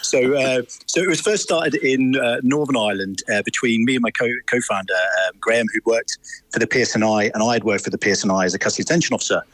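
A man's voice: medium pitch, steady tone, fast, a bit bright, dry recording, low-quality recording. A man speaking as a radio interview guest by phone, earnest and emphatic, often restarting his sentences. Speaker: guest, awards co-founder. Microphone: phone line.

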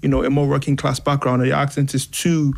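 A man's voice: mid-range voice, little pitch movement, fast talker, vocal fry, darkish tone. A man from Nigeria, a poet and musician, answering interview questions casually, laughing often and filling his speech with "like". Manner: laughs often, says "like" a lot.

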